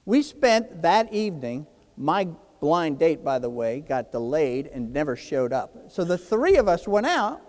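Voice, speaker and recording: A New Jersey man in his sixties gives a keynote, his slightly high voice unhurried and trailed by a long reverb tail. Animated throughout, he shares a personal story and performs the dialogue within it.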